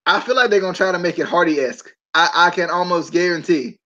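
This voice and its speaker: Man, podcast host, high voice, animated, incredulous, dull lo-fi recording. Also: quick pace. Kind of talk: casual chat. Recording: dull lo-fi mic.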